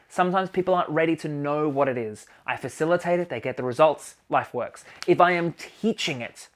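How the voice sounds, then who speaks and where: A healing coach who hosts his own channel delivers a casual self-help monologue to camera about healing and growth. His voice is fairly high, and he is animated and emphatic, with loose phrasing full of swearing and energy that keeps building.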